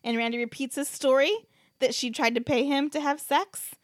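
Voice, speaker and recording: A woman's voice: high voice, steady tone, moderate pace, no room sound, clean studio sound. A woman host casually recapping a movie plot, telling it as a chatty story full of "like" and freely swearing. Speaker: podcast host.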